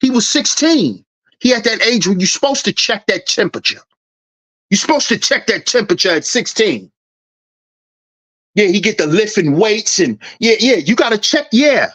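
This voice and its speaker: This commentary-channel host gets preachy and confrontational in a heated monologue, performing scenes of confrontation in a dad voice. He pitches high and sounds very animated at normal speed, with a slightly bright tone.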